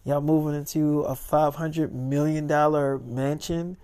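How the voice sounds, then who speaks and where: Man playing a jealous young girlfriend, blunt and profane, mellow tone. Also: on the high side, steady tone, unhurried, lightly acted. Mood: accusing.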